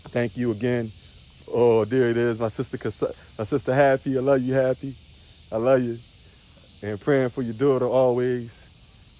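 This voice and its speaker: A man's voice: medium pitch, dark tone. A man, a spiritual teacher, preaching on a livestream outdoors, repeating phrases with a sing-song emphasis.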